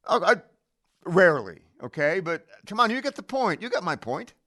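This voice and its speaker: A man's voice: high-pitched, sing-song, moderate pace, bright, forceful tone, heavily acted. An actor in his thirties playing an earnest, slightly defensive young groom.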